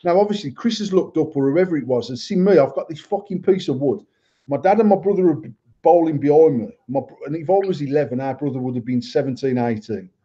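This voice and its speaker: An adult man from the United Kingdom, with a fairly high, slightly rough voice, talks fast as a podcast co-host. In casual banter he tells a rowdy childhood story, swearing constantly, staying animated, and laughing through it. The recording has a dull lo-fi sound.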